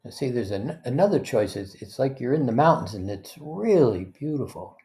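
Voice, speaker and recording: A man as a spiritual teacher, leading a guided meditation talk in a gentle, unhurried way, pausing for breaths and restarting phrases conversationally. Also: medium pitch, very animated. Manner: gentle, unhurried, leads listeners through breaths.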